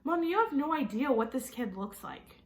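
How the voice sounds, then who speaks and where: A woman's voice: high-pitched, very animated, moderate pace, reverberant, pitched above the performer's own voice, low-quality recording. A woman reading aloud and voicing a preteen boy arguing insistently with his mother. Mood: exasperated. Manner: exasperated, insistent.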